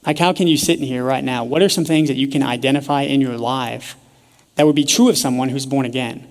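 A man's voice: mid-range voice, quick pace. Casual, joking young male preacher. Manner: casual, joking storytelling with lively asides. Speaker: pastor teaching a sermon series. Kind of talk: sermon. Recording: echoey church hall.

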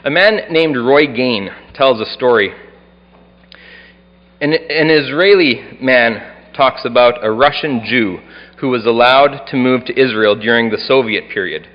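A man's voice: medium pitch, unhurried. A man preaching a Sunday sermon as pastor, earnestly reading scripture aloud with some expression. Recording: dull sound with long hall reverb.

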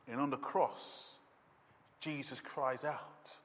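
A man's voice: fairly high pitch, measured pace, fairly bright tone, long reverb tail, slight background noise. A man preaching a sermon, quoting scripture dramatically with rising intensity. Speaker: pastor.

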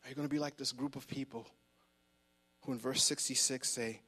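A man's voice: medium pitch, fairly even intonation, a little fast, long pauses, pushed and bright, slightly rough. A man preaching a sermon in a church, fervent and emphatic, repeating words as he presses his point. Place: church sanctuary.

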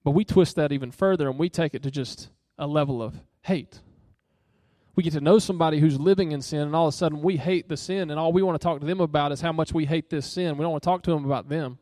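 Male preacher, casual earnest sermon, fairly high voice, dry close sound. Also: fast, mellow, no echo. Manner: conversational, earnest, asks the listeners direct questions.

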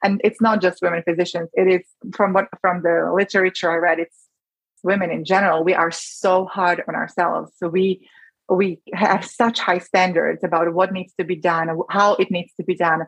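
A woman doctor speaks as a guest in an interview, warm with feeling and often stopping to restart her thought. Her voice sits a little low and sounds husky. The sound is close and dry. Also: steady tone, moderate pace, no room sound, rough recording. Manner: earnest, emotional, many restarts. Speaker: rheumatologist guest. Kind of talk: conversational interview.

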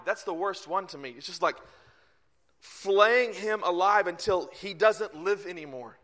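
A male pastor preaching a sermon, telling the story in an animated way and breaking into shouts. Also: sits high, a little slow.

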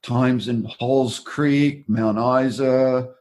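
An Australian man with an ordinary, mid-pitched voice, telling stories in a casual interview. He rambles and restarts often, winding his way through long explanations. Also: steady tone, very slow, darkish tone. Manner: rambling, loose storyteller with frequent restarts. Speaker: interview guest, former aerial survey worker.

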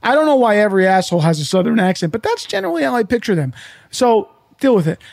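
High-voiced man ranting sarcastically. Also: sing-song, fast talker, creaky, darkish tone, no echo, studio quality. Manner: profane, sarcastic and exasperated; repeats himself, asks rhetorical questions. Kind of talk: ranting monologue.

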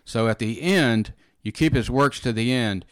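A man's voice: medium pitch, normal speed, clean tone, no echo, studio quality. A man giving informal, earnest Bible teaching in conversation, repeating phrases and often saying "you know" and "amen".

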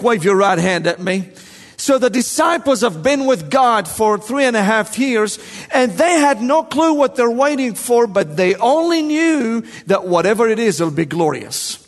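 Man, preacher, high voice, emphatic repeated phrases, long hall echo. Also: very animated, a little slow. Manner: emphatic, repetitive preaching with call-and-response questions. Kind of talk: sermon.

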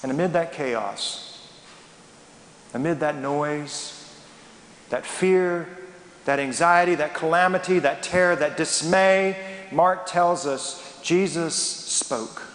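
A man's voice: fairly high pitch, slow pace, a bit bright. A man preaching a sermon as a pastor, emphatic and dramatic, asking rhetorical questions. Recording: echoey hall with long reverb.

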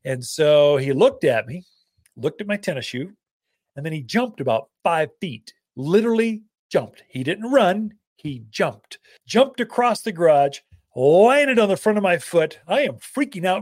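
A man's voice: fairly high pitch, big pitch swings, moderate pace, darkish tone, no room sound, studio quality. A man from Arizona hosting a gardening radio show, telling stories in a folksy, casual way with many loose asides.

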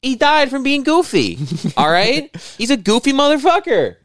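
A young man co-hosting a casual comedy podcast, rambling and swearing as he riffs with rising excitement. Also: extremely high pitch, normal speed, dry recording. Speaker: podcast co-host.

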